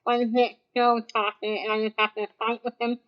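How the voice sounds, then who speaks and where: A deaf woman chats in a high, lively voice, acting out the voices of the people she talks to. Her speech carries a deaf accent. The recording sounds a little dull and lo-fi. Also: brisk. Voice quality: deaf speech, uses hearing aid. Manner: animated, laughs often, acts out quotes. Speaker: guest streamer. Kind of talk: casual chat.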